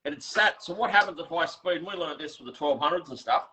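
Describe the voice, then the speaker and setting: An Australian man hosting a casual online catch-up, telling stories with quick laughs and lots of restarts. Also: on the high side, bright, forceful tone. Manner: chatty storyteller, quick and laughing, many restarts. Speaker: host. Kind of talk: casual chat. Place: home workshop. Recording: lo-fi video call audio.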